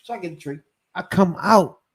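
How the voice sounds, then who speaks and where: A man's voice: high voice, fairly quick, creaky, husky. A man hosting a podcast, telling stories in casual chat and acting out the voices. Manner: animated, laughing, acts out voices in stories. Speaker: podcast host.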